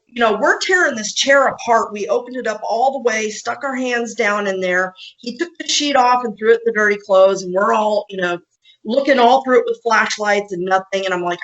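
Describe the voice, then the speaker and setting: A woman podcast host telling an animated story in casual conversation, laughing often and acting out what people said. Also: medium pitch, highs cut off.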